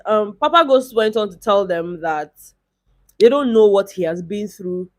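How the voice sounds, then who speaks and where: A woman's voice: mid-range voice, lively intonation, measured pace. Chatty young woman vlogging. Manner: chatty, rambling, retells scenes with quotes. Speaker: reality show commentator. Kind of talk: casual vlog commentary.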